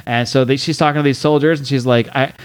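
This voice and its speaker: Podcast guy rambling through a comic plot, lots of uh and um, reads bits out loud. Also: mid-range voice, steady tone, fast, clean tone. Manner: recaps a comic with frequent fillers, reads dialogue aloud. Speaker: podcast host. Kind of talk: casual comics recap chat.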